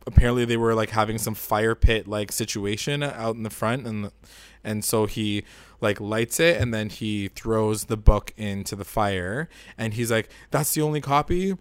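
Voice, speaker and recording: A man's voice: lowish voice, steady tone, moderate pace, smooth, dry recording. A man co-hosting a casual recap chat, rambling and opinionated, filling his talk with "like". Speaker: podcast co-host.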